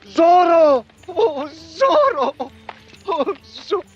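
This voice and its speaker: An actor playing a fawning, excitable elderly villager in a film clip. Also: male voice, extremely high pitch, drawn-out words, full character voice. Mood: ecstatic. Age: older. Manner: excitable, obsequious. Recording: dull film audio with loud music.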